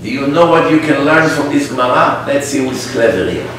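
A man's voice: medium pitch, a little fast. A man teaching as a rabbi, telling stories in a sermon and quizzing his listeners with questions. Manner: animated, asks the audience questions. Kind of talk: storytelling sermon. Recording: echoey room, distant mic, faint noise.

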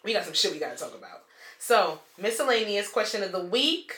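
A woman co-hosting a casual podcast, talking bluntly and profanely with emphatic, drawn-out phrasing. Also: medium pitch, sing-song, fairly bright tone, reverberant. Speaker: podcast co-host.

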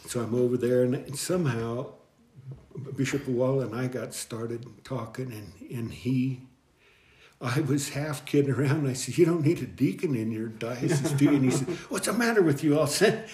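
A middle-aged man telling his life story in an interview, rambling and halting, with frequent chuckles. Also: medium pitch, warm tone. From American Southwest. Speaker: guest deacon. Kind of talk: storytelling in conversation. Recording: echoey room.

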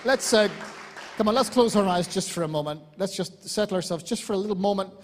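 A man with an Irish accent, the lead pastor of a church, preaching a fervent sermon that swings between loud exclamations and quiet appeals. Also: sits high, fast talker, in a large hall, some chatter behind, slight background noise. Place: large church hall.

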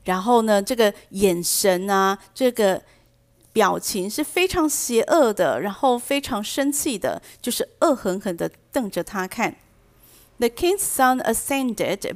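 A woman teaching vocabulary through a storybook, reading each line slowly and then translating and explaining it. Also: medium pitch. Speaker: English teacher. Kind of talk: bilingual storybook lesson.

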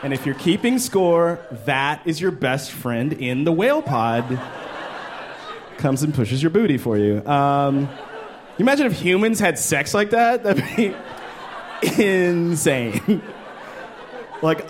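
Male stand-up comic, thirties, high lively voice, animated and profane. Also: slow, pauses often, a little hiss or hum. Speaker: comedian. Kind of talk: stand-up comedy. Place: live comedy stage.

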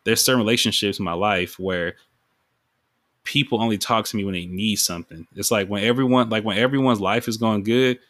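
A man who is both a podcast host and music artist delivers a casual, reflective monologue about his music, rambling emotionally with many fillers. His voice is on the low side, fairly quick and a bit bright, in a dry recording.

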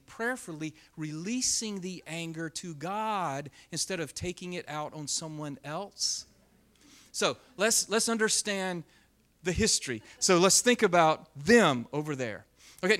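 Expressive male Bible teacher with a high voice; swings from punchy emphasis to soft near-whisper. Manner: expressive, shifts between loud emphasis and hushed near-whisper; speeds up and slows down on purpose.

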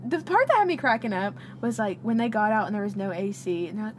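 Talking fast in a mid-range voice, a young podcast co-host keeps the casual chat lively, laughing and spinning playful, animated stories. Some background noise can be heard.

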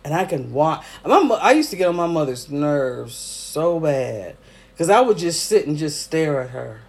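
A man's voice: fairly high pitch, very animated, moderate pace. A man hosting a casual solo podcast, teary, emotional and effusive, with frequent ums. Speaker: podcast host.

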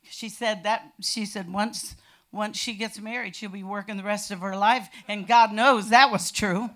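Older woman, bright tone, animated church testimony with shouted peaks. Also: mid-range voice, measured pace. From California. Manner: animated storytelling, bursts into shouting. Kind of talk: personal testimony.

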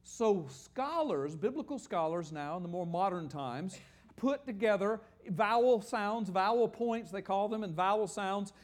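A man's voice: sits high, lively intonation, a little slow. A man preaching a sermon with slides, explaining in a conversational way to a congregation in a church hall.

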